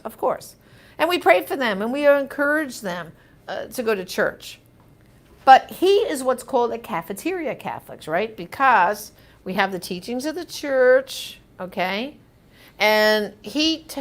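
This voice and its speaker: A woman hosting a live question-and-answer show, reading viewer comments and answering in an emphatic, indignant, chatty way. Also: fairly high pitch.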